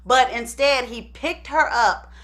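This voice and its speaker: A woman telling a story in casual, animated commentary, emphatic and chatty. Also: fairly high pitch, slow pace. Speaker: YouTube storyteller.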